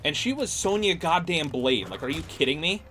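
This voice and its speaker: A man's voice: fairly high pitch, animated, moderate pace, a bit bright, faint music behind. A man streaming games, chatting casually and ranting sarcastically with plenty of swearing. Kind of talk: casual livestream chat.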